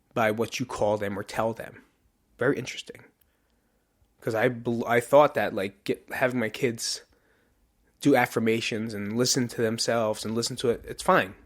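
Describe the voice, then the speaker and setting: A man hosting a podcast, talking candidly and profanely in a self-questioning motivational monologue to the camera. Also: mid-range voice. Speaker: podcast host. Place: in front of a camera.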